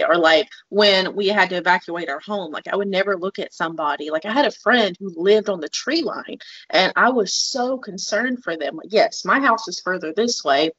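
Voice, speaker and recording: A woman's voice: mid-range voice, normal speed, highs cut off. A woman in her thirties co-hosting a podcast, speaking earnestly and emphatically. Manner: earnest, emphatic, animated quoting. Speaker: podcast co-host. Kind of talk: casual podcast conversation.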